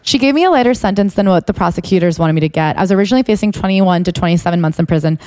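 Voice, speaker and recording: A woman's voice: racing, a little mellow, dry recording. Young woman podcast host, sarcastic, voice shoots up when she's exasperated, dry mic. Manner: sarcastic, incredulous, pitch jumps when exasperated. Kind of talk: casual chat reading from a book.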